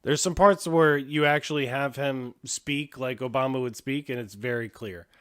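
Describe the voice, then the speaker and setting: A man's voice: mid-range voice, normal speed, fairly bright tone, clean tone. A man hosting a show, casually reacting to video clips with profane, chatty commentary. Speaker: host.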